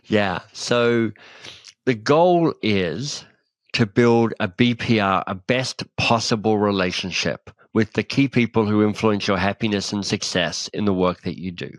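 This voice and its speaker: A male guest author talks through his ideas in a relaxed podcast interview, slipping into animated stories where he plays out both sides of a conversation. His voice sits on the low side, and it is recorded dry with no room sound around it. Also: a little slow, no room sound. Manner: animated storyteller, acts out dialogue.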